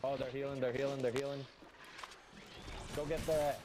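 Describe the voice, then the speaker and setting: A man playing a video game with a friend over voice chat, excitable and swearing often. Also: medium pitch, normal speed, noisy background. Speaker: teammate on voice chat. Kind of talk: casual gaming chat.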